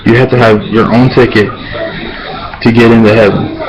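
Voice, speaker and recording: A man's voice: medium pitch, moderate pace, noisy background, natural voice. A man as a stern, fatherly God. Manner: calm, fatherly, calling him "son". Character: stern, patient God judging souls.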